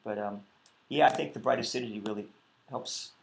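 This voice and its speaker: A male winemaker talking casually at a wine tasting, relaxed and hesitant, with many pauses and ums. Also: medium pitch, creaky.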